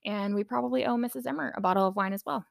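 A woman's voice: medium pitch, racing, gravelly, no echo, clean studio sound. A young woman hosting her own podcast, talking in a candid, chatty way with lots of fillers and casual swearing. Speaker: podcast host. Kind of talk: casual personal podcast monologue.

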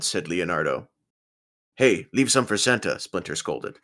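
A man reads a children's picture book aloud, putting on the characters by raising his voice for their lines. His pitch swings widely, and he sits a little back from the mic. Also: normal speed. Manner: lively storybook reading, pitches up for character lines. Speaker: podcast co-host. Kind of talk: dramatic reading of a children's book.

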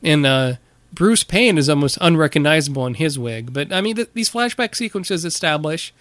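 A man co-hosting a podcast, chatting casually about a movie and recapping its plot in a halting way, with plenty of fillers. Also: a little high, lively intonation, fairly bright tone, dry recording. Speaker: podcast co-host. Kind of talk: casual movie review chat.

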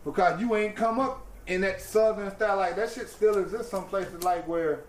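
A man's voice: high voice, normal speed. Man, emphatic and profane, heated casual debate, roomy distant sound. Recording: roomy, from far off the mic.

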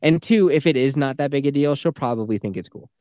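A man's voice: mid-range voice, fast talker, darkish tone, no echo, studio quality. A man in his thirties, a podcast host, telling a story in casual chat, swearing freely and acting out the people he quotes.

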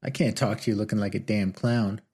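A man's voice: fairly low pitch, fairly even intonation, brisk, a little mellow, husky. A man voicing a cocky young Old West outlaw who mocks his friends in a drawling frontier way. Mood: mocking. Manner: drawling, teasing frontier talk.

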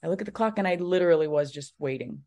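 Talking very fast in a mellow voice on the low side, a middle-aged woman tells a personal story as a guest on an interview show. She is a psychic medium, and she speaks casually, with many fillers and rambling asides.

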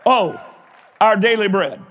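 A pastor preaching a live sermon in a folksy, plain-spoken way, with emphatic bursts of shouting. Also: male voice, high voice, lively intonation, unhurried, a faint crowd. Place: large church or college auditorium.

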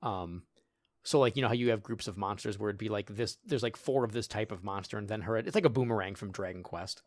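A man's voice: fairly low pitch, quick pace, dry recording. A man co-hosting a casual podcast, telling stories animatedly, acting out lines of dialogue and laughing often. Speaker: podcast co-host. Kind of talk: casual chat.

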